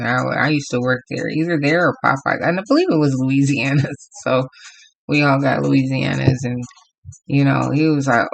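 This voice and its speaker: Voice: medium pitch, gravelly, a bit bright, low-quality recording. A tarot reader from Los Angeles giving a casual, rambling reading to viewers and laughing often.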